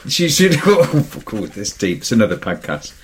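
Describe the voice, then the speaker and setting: A man with an English accent, co-hosting a podcast in casual chat, joking and quick to laugh. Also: on the low side, wildly swooping pitch, a loud crowd. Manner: jokey, breaks into laughs. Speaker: podcast co-host.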